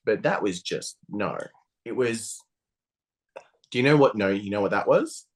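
Low-voiced guy cohosting a podcast, blunt and sweary, gets animated. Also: measured pace. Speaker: podcast co-host. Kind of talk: casual chat.

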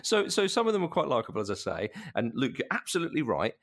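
A man talking about a film in a casual podcast chat, lively and full of restarts. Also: medium pitch, fast talker. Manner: animated, with many restarts and laughs. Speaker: podcast co-host.

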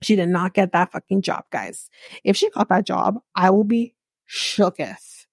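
A woman hosts a casual podcast, gossiping through a reality show recap with plenty of laughter and quick impressions of the cast. Her voice is husky and sits at a middling pitch. The sound is dry and close, with no room around it. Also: no echo. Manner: gossipy, laughing, mimics the people she recaps. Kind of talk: casual chat.

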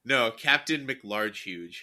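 A young man in his twenties chatting casually, loose and profane, and excitable when telling a story. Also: medium pitch, slow pace. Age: young adult.

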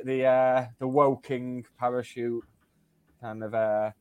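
A man co-hosting a fan podcast in casual chat, telling stories in an expressive, self-mocking way. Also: medium pitch, a little slow. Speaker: podcast co-host.

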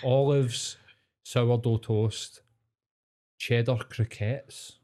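A man's voice: mid-range voice, fairly even intonation, extremely slow, darkish tone. Scottish guy on a podcast, swears a lot, gets worked up telling a story. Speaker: podcast co-host. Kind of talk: casual storytelling chat.

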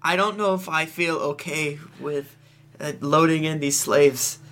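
Bright-voiced joking player. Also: male voice, a little high, measured pace, slight background noise. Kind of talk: casual tabletop game chat.

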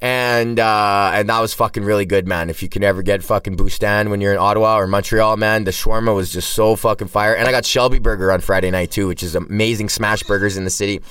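A man's voice: fairly low pitch, fairly even intonation, quick pace, few pauses, fairly bright tone, clear, resonant tone, no room sound. Man, stand-up comedian hosting a solo podcast, rambling rant, heavy swearing, distant cheap mic. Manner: rambling, heavy swearing, frequent self-restarts. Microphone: cheap mic, set back from the speaker. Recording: distant, dry sound from a poor mic.

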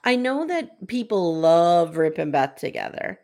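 An American woman hosting a podcast in a casual, chatty way, full of "like" and quick asides. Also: lowish voice. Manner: chatty, expressive, lots of "like". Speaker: podcast host. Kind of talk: casual chat.

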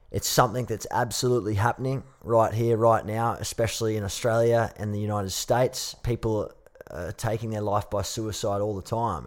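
Encouraging host with a lowish male voice. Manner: warm, encouraging, repeats words. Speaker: podcast host. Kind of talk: interview talk.

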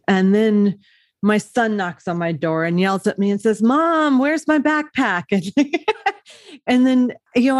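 A woman hosting an interview, with a middle-pitched voice. She asks eager, chatty questions. The recording is dry and close, with little room sound. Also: a little mellow, dry recording. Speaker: host, a mother.

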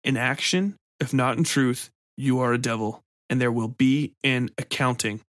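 A man's voice: mid-range voice, moderate pace, fairly bright tone, no echo, clean studio sound, close to an everyday voice. A man voicing a stern, rigid Inquisitor who speaks in a stiff, threatening, indignant way. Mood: accusing.

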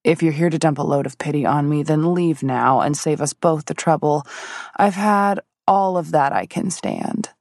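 A woman narrator voicing a reclusive, grieving man who speaks in a raspy, gruff, clipped way. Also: low voice, expressive, moderate pace, darkish tone, no echo, clean studio sound, heavily acted. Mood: impatient. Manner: growling, clipped and dismissive.

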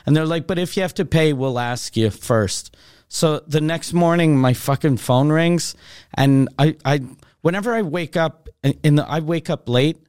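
A man's voice: on the high side, normal speed, clean tone, dry recording, studio quality. A man in his thirties, a comedian hosting a podcast, telling a story in casual chat, swearing a lot and acting out both sides of the conversation. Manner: animated, swears constantly, acts out both sides of dialogue.

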